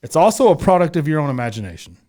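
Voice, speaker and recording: A man with a slightly high voice talks very fast as he co-hosts a casual faith podcast. He speaks frankly and is animated, acting out little quoted exchanges with laughter.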